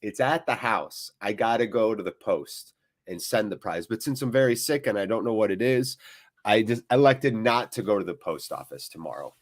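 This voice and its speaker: A man's voice: lowish voice, lively intonation, moderate pace. A man hosting a live football watchalong stream, chatting casually with viewers in a rambling, jokey way.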